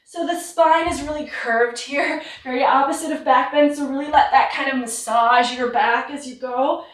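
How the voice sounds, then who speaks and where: A woman leading a guided yoga class from home, giving relaxed, encouraging cues while slightly out of breath. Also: high voice, normal speed. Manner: relaxed, encouraging cues with light self-deprecation. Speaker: yoga instructor. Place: home practice room. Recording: roomy sound from a distant mic.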